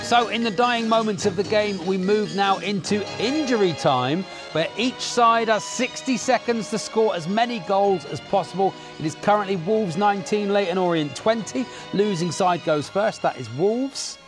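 Guy with a high voice running a quiz, brisk, says tis true after every answer. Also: over music. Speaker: quiz show host. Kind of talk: reading quiz questions.

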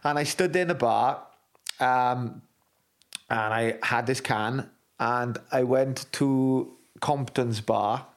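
A man's voice: medium pitch, slow. A Welsh man in his forties, a former rugby captain, talking candidly in an interview, blunt and full of swearing and restarts. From Wales.

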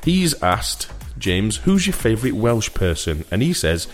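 A man's voice: on the low side, unhurried, faint music behind. A man co-hosting a casual podcast chat, teasing and joking. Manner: jokey, teasing, animated, does silly voices. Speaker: podcast co-host.

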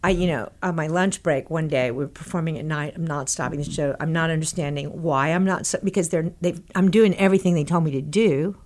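Older Texas woman telling lively stories. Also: low voice, brisk, hardly any pauses. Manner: lively storyteller, acts out quotes, laughs often. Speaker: guest. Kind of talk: animated storytelling in an interview.

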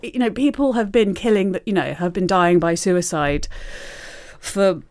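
A woman guest on a podcast, talking candidly and expressively in conversation, swearing casually. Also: a little slow. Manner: frank and expressive, swears casually, wide swings in pitch.

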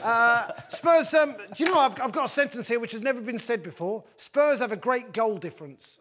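Male panel host, very high voice, rambling and self-mocking. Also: expressive, moderate pace, a bit bright. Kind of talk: jokey live panel hosting. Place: studio with live audience.

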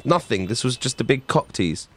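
A man from England co-hosting an improvised comedy sketch, theatrical and animated, his voice moving from loud outbursts to hushed banter. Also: mid-range voice, normal speed. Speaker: comedy podcast co-host.

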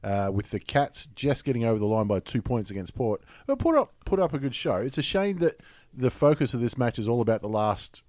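A man's voice: mid-range voice, sing-song, a little fast, darkish tone, dry recording. Australian guy, podcast host, easygoing banter, dry close sound. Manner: joking, laid-back, swears casually. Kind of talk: casual chat.

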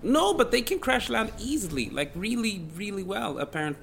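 Bright gravelly man, playful joker. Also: high-pitched, sing-song, moderate pace, a little hiss or hum. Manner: playful, joking, loud bursts. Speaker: podcast guest, comedian. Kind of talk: casual chat.

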